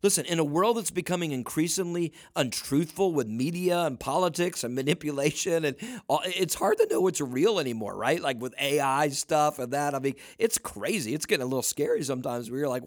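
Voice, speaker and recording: A man's voice: on the high side, animated, a little fast, hardly any pauses, dry recording. Male motivational coach, emphatic delivery that climbs at peaks; close, dry room sound. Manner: emphatic, repeats "listen", rising to near-shouting peaks. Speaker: leadership coach. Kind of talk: motivational talk.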